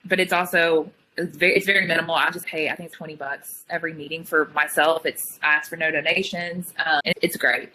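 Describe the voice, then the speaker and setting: A young woman telling her own story in casual chat, full of "like" fillers and quick retellings. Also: low-pitched, fairly even intonation, pushed and bright, rough recording. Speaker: guest sharing her story.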